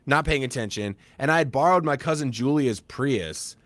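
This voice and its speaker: A man in his thirties co-hosting a podcast, telling a story casually and acting out quoted lines loudly. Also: mid-range voice, normal speed, dry recording. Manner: animated, acts out quoted lines in a loud raised voice. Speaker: podcast co-host.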